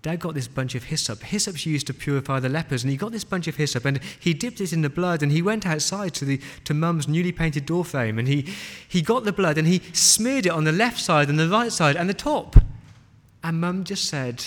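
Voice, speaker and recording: A man's voice: fairly high pitch, expressive. Man preaching a story in a reverberant hall. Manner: retells a scripture story as a child eyewitness, with dramatic pauses. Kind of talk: first-person storytelling sermon. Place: church hall.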